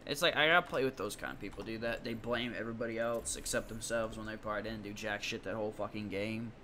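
A man's voice: on the low side, fairly even intonation, quick pace, bright, forceful tone, a little hiss or hum. A man streaming a live game, trash-talking and ranting in a profane, exasperated way. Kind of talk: live gaming commentary.

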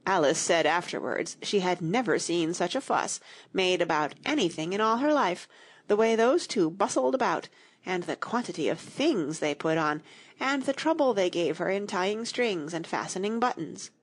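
Woman narrator for a children's audiobook, low-ish, husky, lively inflection. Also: normal speed. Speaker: audiobook reader.

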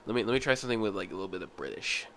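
Man, bright voice, mid pitch, animated swings, incredulous comic straight man. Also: very fast, a little hiss or hum. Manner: incredulous questioning, loud shouts. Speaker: skit creator and voice actor. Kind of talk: comedy skit voice acting with outtakes.

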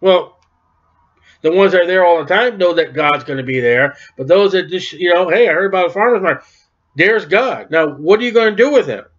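High-voiced man preaching informally. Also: expressive, normal speed, highs cut off. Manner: conversational, acts out dialogue in quoted voices. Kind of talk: informal sermon.

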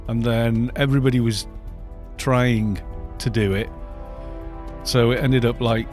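A man's voice: mid-range voice, fairly even intonation, measured pace, a little mellow, faint music behind. A man talks loosely over his gameplay, wandering from story to story. He cracks himself up often and keeps an easy, unscripted chat going into a desk microphone. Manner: rambling and jokey, laughs often. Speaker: gaming streamer. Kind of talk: casual live-stream chat while playing.

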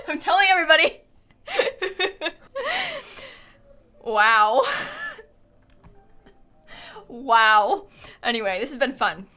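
A young woman streams a racing game from home, her voice bright and fairly high. She talks in a lively, swooping way, playful and teasing with big dramatic outbursts. Faint music plays underneath. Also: very slow, pauses often. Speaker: streamer host. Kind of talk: casual chat while gaming.

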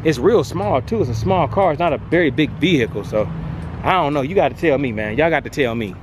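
A man's voice: a little high, expressive, brisk, noisy background. A man vlogging casually on an outdoor used car lot, reacting to prices with slangy exclamations, filmed on a handheld phone. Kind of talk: casual walk-around vlog.

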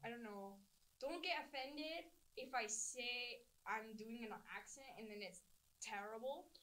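Chatty woman co-host, fairly high voice. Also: a little slow, pushed and bright, low-quality recording. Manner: chatty, playful, explaining. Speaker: podcast co-host. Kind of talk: casual chat.

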